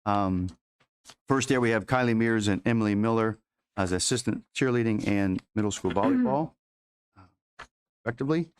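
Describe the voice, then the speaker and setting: A man presenting agenda items at a school board meeting in an informal, halting way with many fillers and restarts. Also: lowish voice, expressive, clean tone, no room sound, clean studio sound.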